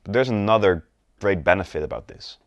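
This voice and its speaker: A sales coach teaches in a conversational video lesson, frequently checking in with the viewer and demonstrating postures and gestures as he speaks. His low voice is expressive and a little fast. The recording has no echo, with the highs cut off.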